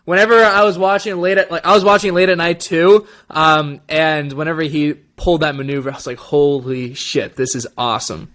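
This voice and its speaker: A man's voice: on the high side, brisk, few pauses. Laughing, rambling man reviewing a show. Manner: laughs often, animated and rambling. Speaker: co-host. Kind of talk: casual review chat.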